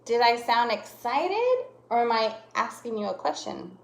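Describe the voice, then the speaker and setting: A woman teacher giving a lesson to young children, speaking slowly and exaggerating her voice changes to demonstrate punctuation. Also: on the high side, very animated, a little hiss or hum. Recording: echoey room.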